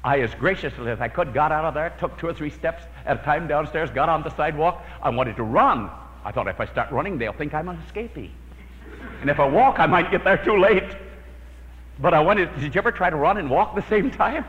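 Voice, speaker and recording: A man's voice: fairly high pitch, animated, brisk, fairly bright tone. A man preaching a sermon, telling a personal prayer story with dramatic storytelling and acting out his own prayers. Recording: lo-fi hall recording with long reverb.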